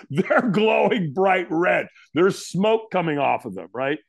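A man's voice: slow pace, creaky, dry recording. A middle-aged man, a guest in an interview, telling a story and acting out what people said to him. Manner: animated, acts out quotes with big pitch jumps.

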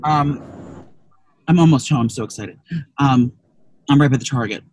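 A man's voice: medium pitch, moderate pace, darkish tone, slight background noise, low-quality recording. A man co-hosting a podcast in casual chat, telling a rambling, profane story full of restarts. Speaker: podcast co-host. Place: car.

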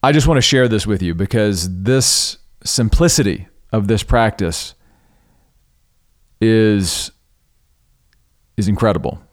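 A man hosting a podcast, earnestly recounting a personal spiritual experience in an unhurried way, pausing and restarting mid-thought. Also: fairly low pitch. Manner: spiritual, devout tone. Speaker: podcast host. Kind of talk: reflective personal storytelling.

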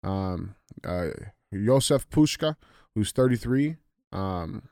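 A man's voice: lowish voice, lively intonation, slow pace, gravelly, warm tone, dry recording, clean studio sound. Hesitant man co-hosting a podcast. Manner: hesitant, heavy on fillers and restarts. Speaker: podcast co-host. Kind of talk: casual chat.

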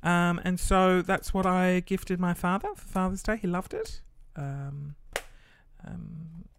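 A man's voice: sits high, fairly even intonation, slow, creaky, clean tone, no echo. Brief: Australian man, casual monologue host, loose and sweary, dry recording. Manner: chatty and rambling, swears casually, many fillers.

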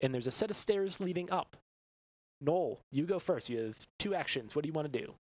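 A man with a fairly high voice leads a tabletop game for his podcast co-hosts, laying out rules and rooms in an upbeat, chuckling way. His voice is dry and close, with no room echo. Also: animated, a little fast, a little mellow. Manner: upbeat, laughs between descriptions. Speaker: game master.

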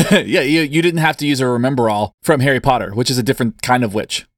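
A man's voice: medium pitch, fast, a bit bright, dry recording, clean studio sound. An enthusiastic man co-hosting a casual podcast, laughing along with his partner. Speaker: podcast co-host.

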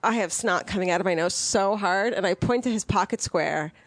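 A young woman co-hosting a casual chat, an animated storyteller who swears freely. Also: medium pitch, fairly quick, dry recording.

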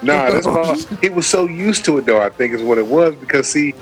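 A man's voice: fairly high pitch, a little fast, faint music behind, poor audio. A man co-hosting a casual podcast, telling a rowdy story with lots of swearing and acted-out quotes. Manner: animated storyteller, acts out quotes, swears freely. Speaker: podcast co-host.

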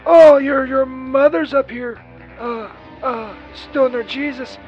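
A man's voice: very high voice, fairly even intonation, slow pace. A man voicing a crude, hostile impression of an old Scottish film star, his accent slipping between Scottish, Irish and his own as he rambles and insults. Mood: abusive. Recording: muffled voicemail recording with faint music.

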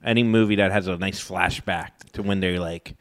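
A man's voice: low voice, fairly even intonation, brisk, a bit bright, no echo. A man co-hosting a podcast, a comedian telling rambling, crude stories in casual chat.

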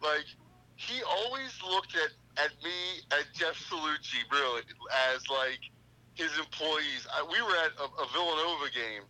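A man's voice: fairly high pitch, lively intonation, normal speed, pushed and bright. A middle-aged man calling in for a casual chat, rambling eagerly through old stories. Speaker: guest on the phone. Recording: tinny phone line.

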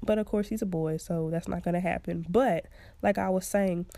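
A woman's voice: lowish voice, steady tone, normal speed, vocal fry, mellow. A young woman hosting a podcast, giving casual advice in a chatty way and laughing often. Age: young adult. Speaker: podcast host.

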